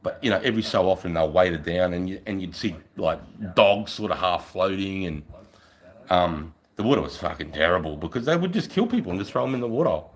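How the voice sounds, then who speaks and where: An Australian man, a middle-aged army veteran, telling war stories on a live stream in a casual, profane, animated way. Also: sits low, brisk, poor audio. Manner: profane, animated, acts out voices. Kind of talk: casual storytelling.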